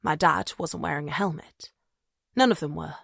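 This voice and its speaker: A woman narrating an audiobook thriller in a measured, suspenseful way. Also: low-pitched, creaky, a bit bright, no room sound, studio quality.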